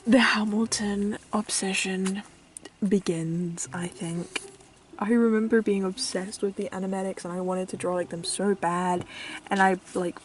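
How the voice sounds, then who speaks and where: A young woman from the UK chatting casually as a vlogger, giggly and self-mocking, often trailing off into mutters. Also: medium pitch. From United Kingdom. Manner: squeals with excitement at finds. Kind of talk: casual chat. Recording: faint music behind.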